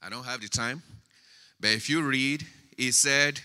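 A male pastor preaching a sermon, swinging from quiet, drawn-out words to loud, emphatic lines. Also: mid-range voice, clean tone. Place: church sanctuary. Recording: church hall with long reverb.

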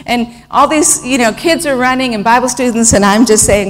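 A middle-aged woman tells stories from her missionary work in an earnest, emotional way, often restarting her sentences. Her voice sits fairly high. The sound carries a long reverb, as if from a large hall. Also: moderate pace, hardly any pauses. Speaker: missionary speaker. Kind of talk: storytelling talk with slides.

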